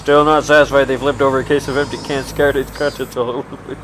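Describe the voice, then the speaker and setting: A man hosting a let's play, reading a visual novel aloud with animated laughing asides and swearing, with traffic noise behind. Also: mid-range voice, fast talker, few pauses.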